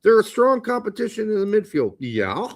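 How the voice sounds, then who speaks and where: A man with a notably high voice co-hosts a soccer podcast. He talks bluntly and casually, tossing in swearing and jokey asides. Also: very animated, moderate pace, creaky. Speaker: podcast co-host.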